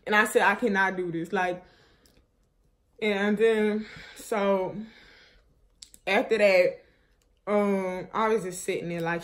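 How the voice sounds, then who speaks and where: A woman's voice: medium pitch, steady tone, measured pace, pauses often, fairly bright tone. A young woman vlogger, telling viewers a painful personal story in a rambling, grieving way, full of fillers and restarts. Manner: grieving, subdued and shaky.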